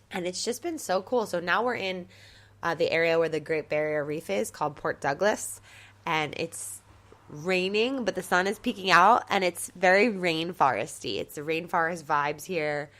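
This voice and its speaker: A woman's voice: low-pitched, fairly bright tone. A woman hosting her own podcast as a life coach, chatting casually in a bubbly, gushing way, with many fillers and an upbeat, motivational tone.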